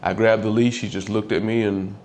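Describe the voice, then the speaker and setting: A man speaks in a fairly low voice, telling a personal story while grieving and close to tears. He talks candidly and haltingly, sometimes swearing and dropping nearly to a whisper. A faint hum sits behind him. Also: flat delivery, a little mellow.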